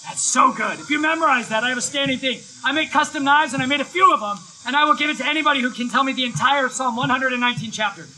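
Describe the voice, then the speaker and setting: High-voiced, very bright male preacher, excitable live storyteller. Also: fast talker, few pauses, a little hiss or hum, poor audio. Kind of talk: energetic live sermon with storytelling. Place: live event, outdoors or hall.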